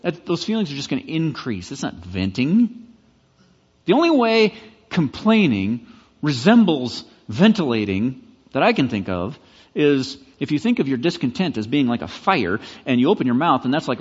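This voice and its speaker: A man preaching a sermon as pastor, conversational and animated, pushing hard to make his points. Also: medium pitch, husky, long reverb tail, highs cut off.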